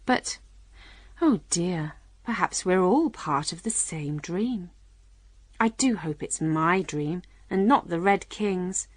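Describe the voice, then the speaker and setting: A woman's voice: fairly low pitch, lively intonation, slow pace, no echo. A woman voicing a polite, earnest young girl who is the heroine of a storybook. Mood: wondering.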